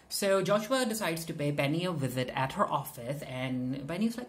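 Low-voiced woman recapping a TV episode. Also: lively intonation, moderate pace, hardly any pauses. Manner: chatty, many filler "uh"s and restarts, retells scenes with quoted lines. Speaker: TV recap reviewer. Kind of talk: casual recap commentary.

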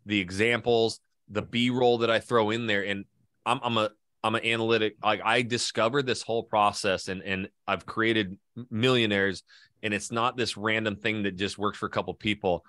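A man's voice: fairly low pitch, steady tone, normal speed, sharp tone, no room sound, clean studio sound. A man from Idaho, a guest in a casual interview, telling long stories and swearing casually. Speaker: guest, real estate agent and video creator.

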